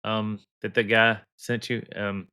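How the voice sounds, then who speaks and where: Man with a bright, forceful voice reacting. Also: lowish voice, level tone, unhurried, clear, resonant tone. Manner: short reactions, steers the talk along. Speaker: podcast host. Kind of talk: casual podcast chat.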